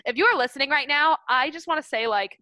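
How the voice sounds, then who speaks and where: A young woman co-hosting a podcast, gushing and excited, telling stories in long run-on sentences full of "like". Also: sits high, no room sound, rough recording. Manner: bubbly, gushing, fast run-on storytelling with many "like"s. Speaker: podcast co-host. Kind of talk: excited casual chat.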